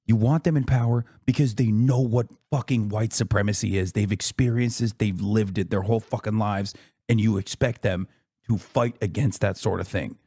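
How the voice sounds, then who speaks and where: Man, 30s, streamer; mellow, dry voice, swearing and exasperated, reading out his chat. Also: lowish voice, steady tone, normal speed, husky, no echo. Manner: profane, exasperated, talks straight to chat with repeated "okay?"; whisper-screams to keep from waking a neighbor. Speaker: streamer reacting to a speech. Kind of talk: heated live-stream rant to chat.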